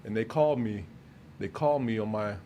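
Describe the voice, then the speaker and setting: A man's voice: lowish voice, a little fast, mellow, muffled recording, slight background noise. A man hosting a podcast, telling stories in a rambling, casual way with restarts and laughter. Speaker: podcast host. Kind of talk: casual chat.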